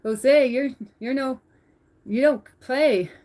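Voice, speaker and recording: A woman's voice: sits high, slow pace, mellow, low-quality recording. A woman hosting a casual cooking livestream from her home kitchen, chatty and thinking aloud as she talks to viewers. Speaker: livestream host.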